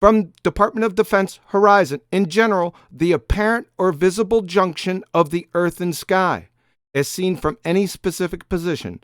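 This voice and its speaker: A man running a live call-in debate, reading out definitions at a measured pace and firmly holding his ground. His voice is smooth and clear, recorded close and dry with no room sound. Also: sits high, a bit bright, dry recording. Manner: reads definitions aloud slowly, insists firmly. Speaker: host.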